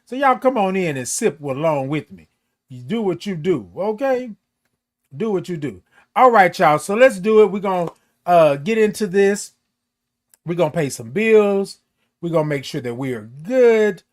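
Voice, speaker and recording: Man hosting a home livestream, high and playful, chatty with viewers. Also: animated, a little slow. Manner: playful, greets viewers by name, drawls. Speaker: morning show host. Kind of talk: casual livestream chat. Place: home with Christmas decorations. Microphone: camera close to face.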